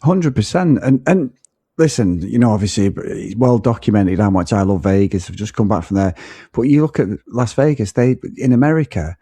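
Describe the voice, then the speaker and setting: A man with a mellow, husky voice and animated pitch, ranting bluntly and swearing in casual podcast chat. The sound is dry and close. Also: moderate pace, no room sound. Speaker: podcast co-host. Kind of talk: casual film review chat.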